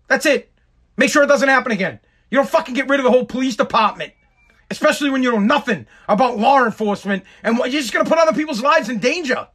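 A man with a strikingly high-pitched voice talks in a loose, rambling rant. He swears freely and mocks with sarcasm. His voice sounds tired and worn from a long workday. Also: fast talker, a bit bright. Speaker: content creator. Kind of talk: casual ranting monologue.

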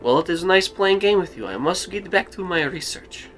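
A man's voice: high-pitched, animated, moderate pace, fairly bright tone, soft background music, pitched above the performer's own voice. A man doing a genial old card shark. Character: old strong male card-counting scientist.

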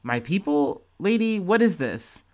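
A man's voice: on the high side, big pitch swings, measured pace. Man voicing firm, indignant woman, short clipped replies. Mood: exasperated. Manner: curt, exasperated replies. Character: British woman of African heritage, indignant and firm.

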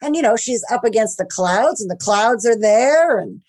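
A woman, a film makeup artist, telling stories in an interview, growing animated when excited. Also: a little high, normal speed. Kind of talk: interview, casual storytelling.

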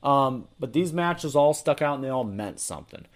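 Man, podcast host, rambling casual recap, excited, lots of ums. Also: medium pitch, normal speed. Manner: excited, rambling, many fillers.

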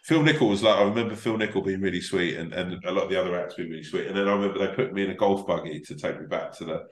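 A man's voice: low-pitched, rapid-fire, reverberant. A man, a comedian guest, telling rambling, sweary stories in casual podcast chat. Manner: sweary, rambling anecdotes with restarts.

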